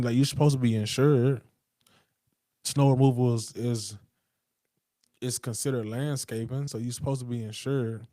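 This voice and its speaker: A man with a mellow, relaxed voice holds forth in a loose, streetwise monologue. He swears freely, restarts his sentences and leans hard on his emphasis. The sound is dry and close, with no room around it. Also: medium pitch, no echo. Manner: streetwise slang, emphatic, profane, rambling with restarts. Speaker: podcast host. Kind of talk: casual monologue.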